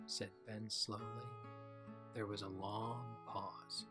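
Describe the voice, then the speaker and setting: A man narrating a children's audiobook in a slow, gentle reading voice. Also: on the low side, flat delivery, music in the background.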